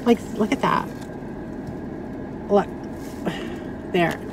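A woman's voice: mid-range voice, gravelly, slight background noise, poor audio. A woman in her thirties chatting casually about her thrift finds, blunt and full of "like" fillers. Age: 30s. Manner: chatty and blunt, many "like" fillers, quick laughs. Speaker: vlogger. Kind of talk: casual thrift haul chat.

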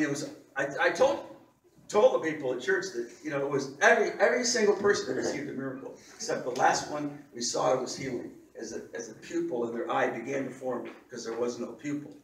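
A man preaching a sermon as a pastor, telling stories in an animated way, often repeating his words and laughing. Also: mid-range voice, fast, slight background noise. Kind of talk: sermon with storytelling. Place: church. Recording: echoey church hall, distant mic.

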